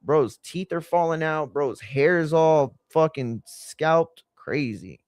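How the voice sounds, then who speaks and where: A man's voice: a little high, slow pace, a little mellow, dry recording, clean studio sound. A young man casually reacting to wrestling in a slangy, profane, blunt way.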